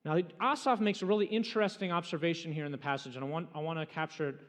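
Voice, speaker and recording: A high-pitched man preaches in a church sanctuary and retells a story with drama. His voice swings from urgent, loud bursts to quiet, hushed passages, and a long reverb trails each phrase. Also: racing. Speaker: pastor. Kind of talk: sermon storytelling.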